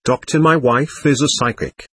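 Man reading a stern, patient male doctor, husky, lectures steadily. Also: mid-range voice, moderate pace, fairly bright tone, no room sound, clean studio sound. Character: calm, firm male doctor questioning a spirit. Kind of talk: reading a séance transcript aloud.

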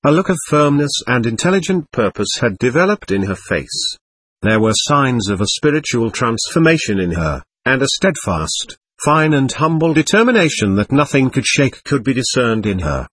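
Expressive, husky male audiobook narrator. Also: medium pitch, moderate pace, no echo. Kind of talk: scripted narration.

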